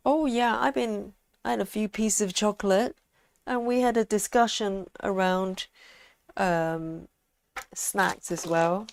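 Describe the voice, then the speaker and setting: A woman hosting a casual live stream, chatting in a relaxed way and reading out viewer comments with frequent ums. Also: mid-range voice, slow pace, creaky, no room sound, studio quality.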